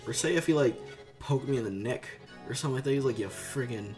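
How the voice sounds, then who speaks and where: A man's voice: mid-range voice, fast, darkish tone. A young man telling a casual storytime tale, rambling with lots of fillers. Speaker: vlogger. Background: background music.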